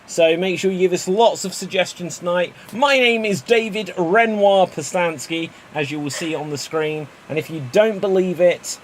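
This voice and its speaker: A man's voice: high-pitched, moderate pace, hardly any pauses, a little hiss or hum. A man hosting a live-streamed improv comedy show, playful and jokey, talking into a webcam mic on a video call. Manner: upbeat, playful, jokey banter.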